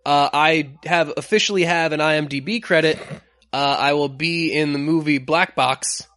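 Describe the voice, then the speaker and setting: A man co-hosting a casual podcast, rambling through his recommendations with many pauses and fillers. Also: fairly high pitch, fairly bright tone, dry recording, studio quality. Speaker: podcast co-host. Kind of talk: casual chat.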